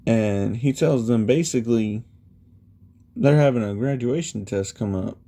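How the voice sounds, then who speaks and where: A man's voice: mid-range voice, a little slow, dark tone. A man casually retelling a fan story, rambling along with lots of fillers. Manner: rambling, heavy use of "you know" and "he's like".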